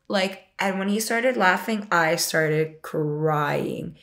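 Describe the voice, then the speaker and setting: Young woman with a gravelly low voice. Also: takes it slowly, hardly any pauses. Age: 20s. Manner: rambling, full of "like" and restarts; emotional retelling. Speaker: interviewee sharing a personal story. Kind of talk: casual personal storytelling.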